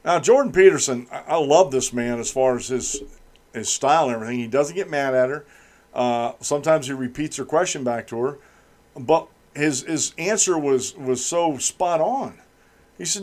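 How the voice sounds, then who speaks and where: A man's voice: mid-range voice, normal speed, a little mellow. A man hosting a political commentary show, reading news items and then ranting about them with scorn.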